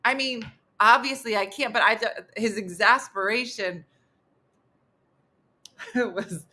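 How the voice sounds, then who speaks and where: A woman's voice: medium pitch, animated, slow, long pauses, bright, forceful tone. A middle-aged woman hosting a morning show, telling a funny story in a casual way and laughing often as she goes.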